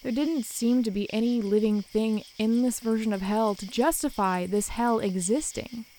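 A woman narrating a first-person horror story in a calm, measured way. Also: fairly high pitch, a little hiss or hum, low-quality recording.

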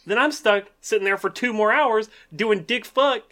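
A man's voice: high voice, moderate pace, sharp tone. A man co-hosting a comedy podcast who rambles through his points with many fillers. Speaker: podcast co-host. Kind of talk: casual comedic podcast banter.

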